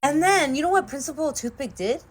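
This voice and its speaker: A woman's voice: high-pitched, expressive, brisk. Playful woman telling a wild story. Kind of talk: comedic skit clips.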